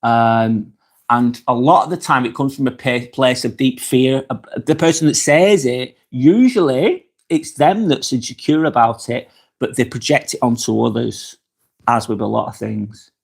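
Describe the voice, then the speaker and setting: A middle-aged man speaks at normal speed in a mid-range voice with vocal fry and a slightly rough texture. He's hosting a casual live vlog from his apartment, reading viewer comments, speaking frankly and swearing freely.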